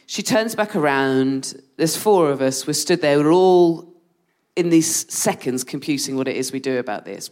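A woman telling a funny anecdote live on stage, her pitch swooping up and down with lively energy. She laughs through her own story, plays it for comic effect, and keeps a chatty pace. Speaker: podcast co-host.

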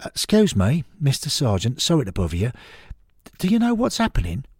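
A man voicing an excitable elderly football fan who shouts and pleads in high bursts. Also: a little fast, breathy edge, dry recording, clean studio sound. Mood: excited.

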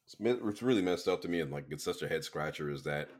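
A man speaking as a podcast guest, relaxed and blunt in a casual chat. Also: a bass voice, quick pace. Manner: relaxed and blunt, laughs easily.

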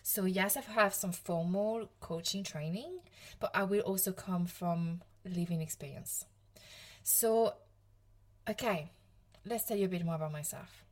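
A woman's voice: lowish voice, measured pace. A woman in her thirties from Provence with a French accent, hosting her own podcast as a coach in a chatty, self-deprecating way with frequent laughs. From France, Provence. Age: 30s. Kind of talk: casual solo podcast talk.

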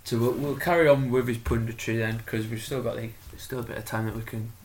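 A man's voice: mid-range voice, steady tone, brisk, darkish tone, slight background noise. A man co-hosting a casual football podcast, chatty, laughing often and saying "like" a lot. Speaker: podcast co-host.

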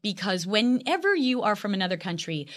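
Animated older woman, chatty storyteller. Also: medium pitch, a little fast. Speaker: actress, guest. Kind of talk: casual interview chat.

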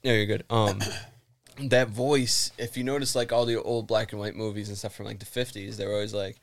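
A man's voice: lowish voice, level tone, brisk, dry recording. A man co-hosting a casual podcast, reading a story aloud with laughs, swearing and restarts. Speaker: podcast co-host.

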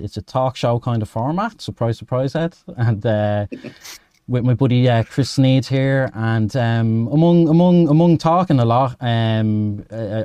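A man from Dublin with a Dublin Irish accent, speaking as a guest in a casual interview. His voice sits low and mellow, and he rambles through friendly restarts. The sound is dry and close. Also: no room sound. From Ireland. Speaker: guest, project co-founder.

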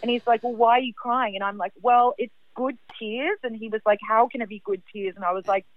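A woman caller telling a personal story in an animated, chatty way, heavy on fillers. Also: on the high side, a little fast, no room sound. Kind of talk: casual storytelling. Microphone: phone. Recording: tinny phone line.

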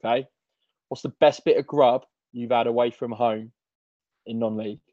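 A man's voice: mid-range voice, fairly even intonation, moderate pace, warm tone, no echo, lo-fi sound. A man hosting a podcast, chatting casually with matey banter. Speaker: podcast host. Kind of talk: casual chat.

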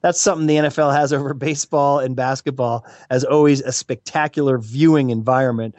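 A man chatting as a guest commentator on a podcast, excitable and rambling, joking as he goes. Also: medium pitch, brisk, no echo. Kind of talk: casual podcast chat.

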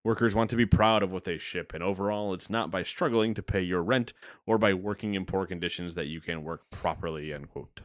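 A man's voice: low voice, fairly quick, no echo, clean studio sound. A man co-hosting a podcast, joking crudely and reading news quotes aloud in a casual chat. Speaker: podcast co-host.

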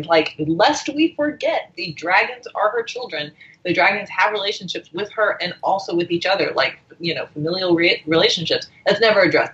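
Lively woman on a muffled podcast mic. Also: lowish voice. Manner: animated, laughing often, acting out quotes. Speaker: guest TV editor. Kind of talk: casual podcast chat. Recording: dull lo-fi sound.

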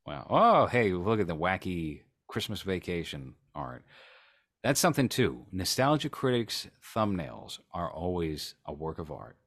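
Deep-voiced sarcastic man chatting. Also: very animated, a little slow, a bit bright. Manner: sarcastic, dry. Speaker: podcast co-host. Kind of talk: casual chat reacting to a video.

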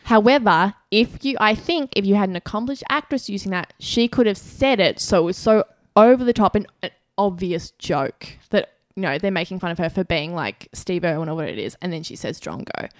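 A woman's voice: medium pitch, lively intonation, fairly quick, hardly any pauses, dry recording, clean studio sound. An Australian woman co-hosting a podcast, giving frank opinions in casual chat and laughing easily. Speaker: podcast co-host.

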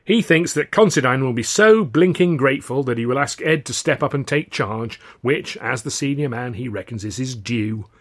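A gossipy, exasperated stage wife with a husky edge, her voice lifted higher and louder, as a male narrator puts her on. She runs on in chatty, put-upon complaints about her stubborn husband. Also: lively intonation, normal speed, hardly any pauses.

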